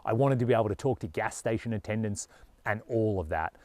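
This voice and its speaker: A man's voice: on the low side, fast talker, darkish tone, dry recording. A man with an Australian accent talking earnestly and casually to camera as a travel vlogger, with a lot of "you know".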